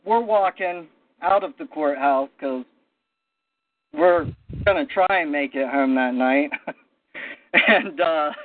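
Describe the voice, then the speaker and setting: A man telling a story casually, with animated anecdotal delivery. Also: on the high side, dry recording. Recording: tinny phone-line audio.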